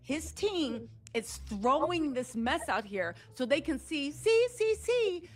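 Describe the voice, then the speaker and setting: A woman's voice: high voice, takes it slowly. A woman commenting on celebrity gossip, telling it like a story and acting out the people she quotes. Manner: animated storytelling, acts out quoted voices.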